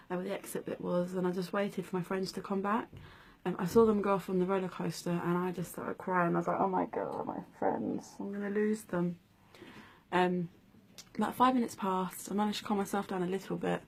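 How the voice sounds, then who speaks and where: A woman in her twenties telling a personal story in a vlog, speaking softly and hesitantly with many pauses and fillers. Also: medium pitch. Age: 20s. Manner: hesitant, many ums, soft-spoken. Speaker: vlogger.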